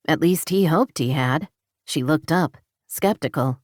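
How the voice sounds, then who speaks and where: A woman narrating an audiobook romance in a steady, even storytelling manner. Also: sits low, moderate pace, no room sound, clean studio sound. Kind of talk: scripted narration.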